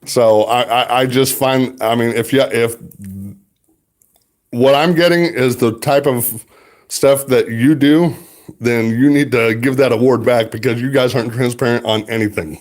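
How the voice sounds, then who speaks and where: An upset man talking in a halting, agitated way with many restarts, livestreaming from his car while driving. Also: medium pitch, no echo, studio quality. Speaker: records requester livestreaming. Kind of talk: confrontational livestream.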